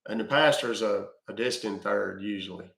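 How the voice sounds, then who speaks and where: A man's voice: on the low side, normal speed, vocal fry, a bit bright, roomy sound. A man hosting a livestream who chats loosely and swears freely. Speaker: livestream host. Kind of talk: casual livestream chat.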